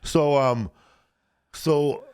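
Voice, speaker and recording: A man's voice: a little high, very slow, darkish tone, smooth. A man co-hosting a casual podcast, rambling and swearing with lots of restarts and fillers. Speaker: podcast co-host.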